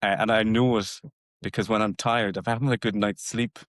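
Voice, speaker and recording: A man's voice: fairly low pitch, fairly even intonation, brisk, a bit bright, no echo, studio quality. A man from Cork with a Cork Irish accent, co-hosting a podcast in a reflective way, often restarting his words. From Cork, Ireland. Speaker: podcast co-host. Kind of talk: casual chat.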